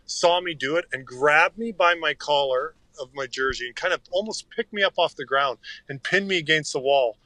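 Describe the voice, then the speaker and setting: Bright-voiced, earnest man telling stories. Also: on the high side, moderate pace, few pauses, dry recording. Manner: earnest, rambling anecdotes with many restarts. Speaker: podcast guest, former hockey player. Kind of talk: casual interview storytelling.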